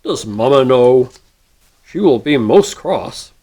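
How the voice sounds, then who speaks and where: A man's voice: mid-range voice, animated, takes it slowly, mellow, rough recording. A man voicing a big, good-tempered male outlaw who teases a stranger in a storybook reading. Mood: mocking. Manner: mocking, boisterous.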